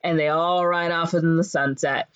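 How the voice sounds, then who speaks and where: A woman's voice: fairly low pitch, fairly even intonation, moderate pace, a bit bright, smooth, no echo. A woman co-hosting a podcast, recapping a movie in a casual, playful way, full of ums and likes and jokey voiced-out lines. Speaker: podcast co-host. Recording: dull lo-fi podcast audio.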